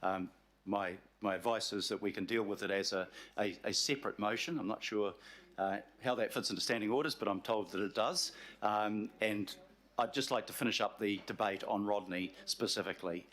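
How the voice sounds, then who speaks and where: A man with a New Zealand accent chairing a council meeting, polite and halting with many fillers. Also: lowish voice, fairly bright tone.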